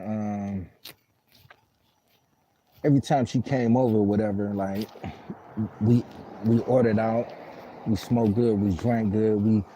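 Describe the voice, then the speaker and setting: Husky, very dark-voiced man telling a story live. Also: lowish voice, low-quality recording. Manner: loose and rambling, heavy street slang and cursing. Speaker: livestream host. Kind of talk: casual storytelling on a live stream, answering viewer comments.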